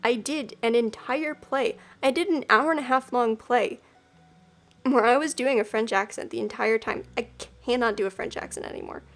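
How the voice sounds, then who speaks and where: A woman's voice: a little high, normal speed, soft background music. A young adult woman streaming a game, chatting casually and poking fun at her own attempts at voices. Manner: self-deprecating and chatty.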